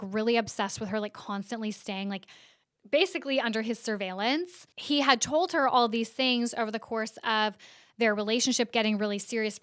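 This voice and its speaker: Chatty woman with a smooth voice. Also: a little high, fairly bright tone, no echo, clean studio sound. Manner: chatty, lots of "like" fillers. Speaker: podcast host. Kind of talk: casual news recap.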